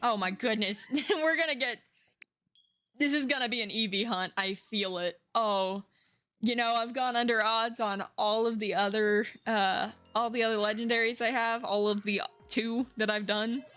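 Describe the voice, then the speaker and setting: A woman in her thirties streaming from home, chatting casually in a rambling, emphatic way with quick laughs and cursing. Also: a little high, fairly even intonation, fairly bright tone. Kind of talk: casual live-stream chat. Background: faint game music.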